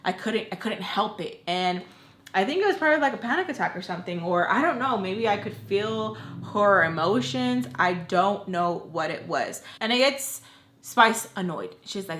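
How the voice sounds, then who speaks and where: A woman's voice: mid-range voice, moderate pace, fairly bright tone. A young woman telling a long personal story in casual chat, emotional and full of "like" fillers. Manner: chatty, emotional, many "like" fillers. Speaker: storytime vlogger. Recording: roomy echo.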